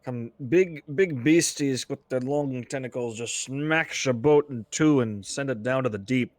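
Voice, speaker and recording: A man's voice: mid-range voice, unhurried, a little mellow, dry recording, natural voice. A man voicing a boastful, superstitious old sailor in a put-on pirate accent, spinning tall tales in a growly drawl. The sound is dry. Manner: spins tall tales with relish.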